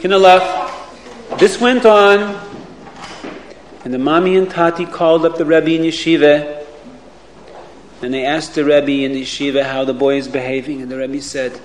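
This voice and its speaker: A man telling a moral story to children in an animated, sing-song way, full of questions to his listeners. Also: a little high, normal speed, long pauses, echoey room, slight background noise.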